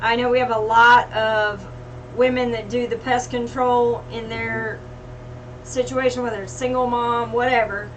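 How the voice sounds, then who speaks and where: Easygoing woman co-host, fairly high voice, faint hum behind her. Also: level tone, measured pace, dull audio. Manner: easygoing, reads out viewer comments. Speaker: livestream co-host. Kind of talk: casual livestream chat. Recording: distant mic with faint hum.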